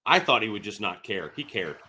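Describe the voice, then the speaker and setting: Man, interview guest, casual chat, animated, laughing, bright tone. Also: fairly low pitch, a little fast, a little hiss or hum. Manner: animated storyteller, laughs often.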